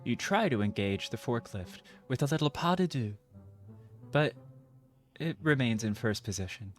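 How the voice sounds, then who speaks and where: Playful woman streamer reading game text with jokey asides, lively swooping pitch, faint game music under her. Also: moderate pace. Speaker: streamer playing a video game.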